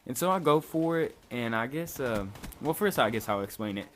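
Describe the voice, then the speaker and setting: A young man tells a story in a relaxed, rambling way, filling his sentences with "like" and swearing freely. His voice sits at a middle pitch. A faint hiss of noise runs underneath the recording. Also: moderate pace. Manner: laid-back, swears freely, lots of "like". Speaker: vlogger. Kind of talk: casual storytelling.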